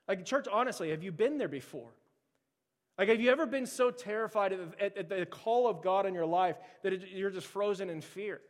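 A man preaching a casual, animated sermon to his church, acting out frightened figures in the story. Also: high-pitched, fairly quick. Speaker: pastor. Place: church sanctuary. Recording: long hall reverb.

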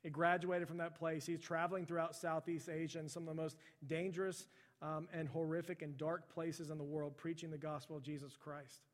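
Pastor telling a story in a ringing church. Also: male voice, on the high side, flat delivery, fairly quick, in a large hall. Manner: conversational, relives stories by voicing the people in them. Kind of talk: sermon storytelling.

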